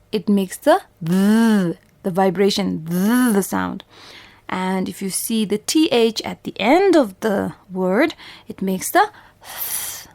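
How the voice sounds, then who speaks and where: Very slow, patient woman teaching phonics. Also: medium pitch, darkish tone. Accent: Bhutanese English. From Bhutan. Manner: slow, patient, sounds out each letter and repeats words. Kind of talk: phonics lesson for young children.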